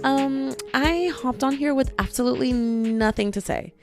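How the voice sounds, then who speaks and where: A woman's voice: sits high, moderate pace, music in the background. A young woman in her twenties hosting a solo podcast, chatting casually in a rambling, self-deprecating, jokey way into a microphone. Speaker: podcast host.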